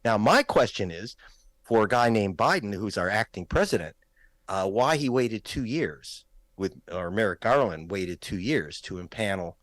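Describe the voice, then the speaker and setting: A man's voice: lowish voice, animated, moderate pace, fairly bright tone, no echo. A man, a guest filmmaker, talking in a political talk show, emphatic and pointed, raising his voice to stress points.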